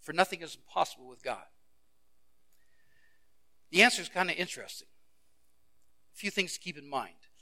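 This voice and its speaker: A male pastor preaching a sermon. He tells a Bible story and acts out the characters' lines, moving between loud exclamations and hushed, quiet passages. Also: a little high, animated, moderate pace, long pauses.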